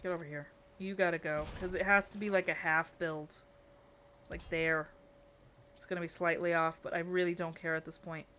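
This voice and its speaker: A woman's voice: lowish voice, flat delivery, normal speed, bright, forceful tone, a little hiss or hum. A woman streamer chatting casually with her viewers and talking to herself as she builds in a game, playful and rambling. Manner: chatty, talks to herself and chat, playful muttering.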